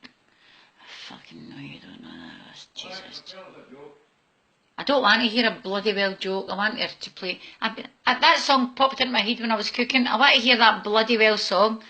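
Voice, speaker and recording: Exasperated sweary Scottish woman, bright voice. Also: fairly high pitch, fairly quick, few pauses. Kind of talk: casual talk at home. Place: home kitchen while cooking.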